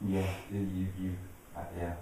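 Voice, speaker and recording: A man's voice: sits low, monotone, normal speed, mellow, distant mic, a little hiss or hum. A man in the audience giving hesitant answers to the teacher. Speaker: audience member. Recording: echoey room, recorded from afar.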